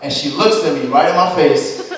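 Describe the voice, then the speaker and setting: Young guy doing standup, cussing a lot, voice kinda high, sounds far from the mic in a big echoey room. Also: normal speed. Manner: profane, animated storytelling with voiced impressions. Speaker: stand-up comedian. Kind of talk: stand-up routine. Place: comedy club stage. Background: audience laughter.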